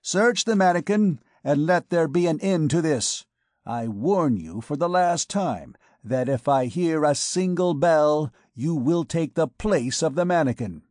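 A man's voice: fairly high pitch, expressive, measured pace, a little mellow, no echo, studio quality, voice pushed up. A man reading an audiobook, voicing a commanding male vagabond king who makes stern, repeated threats. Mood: threatening.

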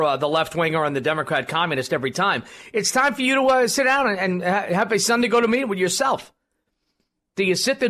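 A man's voice: high-pitched, sharp tone. A man hosting a political talk radio show, rambling and combative, with many fillers.

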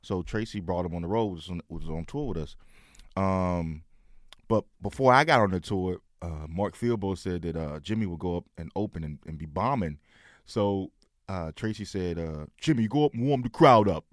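A man's voice: low-pitched, normal speed, no echo, studio quality. A male comedian as a podcast guest, telling road stories in an easygoing way, laughing often and acting out quotes. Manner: laid-back, laughs often, acts out quotes. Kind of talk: casual chat.

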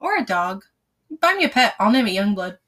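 A woman's voice: mid-range voice, very animated, fairly quick, fairly bright tone. A young adult woman co-hosting a casual book chat, cutting in with jokes and casual swearing. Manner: jokey interjections, swears casually. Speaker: podcast co-host.

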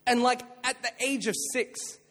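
A man preaching a jokey, energetic youth sermon to a live audience in a church hall, calling on listeners to respond. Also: extremely high pitch, moderate pace. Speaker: youth pastor. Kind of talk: youth sermon with jokes and stories.

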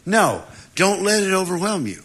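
A man preaching a sermon in a lively, humorous way, often acting out voices. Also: sits high, moderate pace, breathy edge. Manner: animated, humorous, acts out voices.

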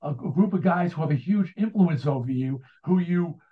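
A man's voice: fairly high pitch, lively intonation, moderate pace. Rambling American man on a tinny line. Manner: rambling, full of restarts and asides. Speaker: author and rock singer guest. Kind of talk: casual interview talk.

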